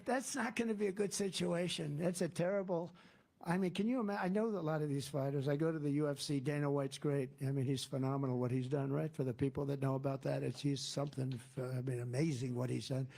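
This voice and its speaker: A man's voice: a little high, gravelly, darkish tone, breathy edge. A man giving a campaign rally speech as a political candidate, talking in a rambling, digressive, repetitive way.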